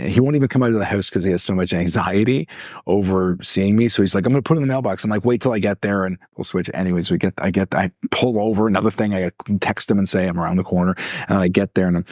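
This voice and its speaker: Guy podcast host rattling off a story fast, deep voice, lively, does little voices. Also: no echo, studio quality. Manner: animated, acts out quoted voices, laughs often. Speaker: podcast co-host, life coach. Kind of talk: casual storytelling chat.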